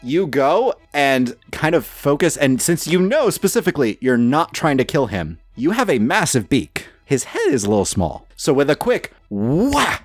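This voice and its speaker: Guy game master narrating, pitch all over the place, faint music behind. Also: moderate pace, few pauses, breathy edge, no room sound. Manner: animated, lively delivery.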